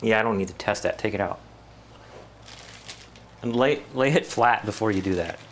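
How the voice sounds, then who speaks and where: A man's voice: fairly low pitch, moderate pace, a little hiss or hum. A man chatting casually and rambling with jokes while working on a computer build. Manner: rambling, joking, mimics voices. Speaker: PC building vlogger.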